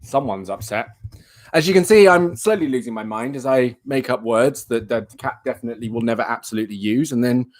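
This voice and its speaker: A man's voice: medium pitch, fast, hardly any pauses, no room sound. A young man hosting a live stream, chatting in a playful, rambling, self-mocking way. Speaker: livestream host. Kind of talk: casual live-stream chat.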